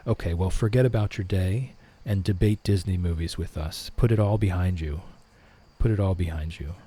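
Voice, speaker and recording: A middle-aged man hosting a relaxed live stream, reading viewer comments aloud and answering them. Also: sits low, moderate pace, breathy edge.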